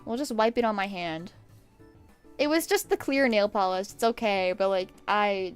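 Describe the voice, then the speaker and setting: A sick young woman streaming from her desk at home, rambling casually and swearing, with sudden loud yelps. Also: medium pitch, moderate pace, clean tone, soft background music. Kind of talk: casual chat while painting nails.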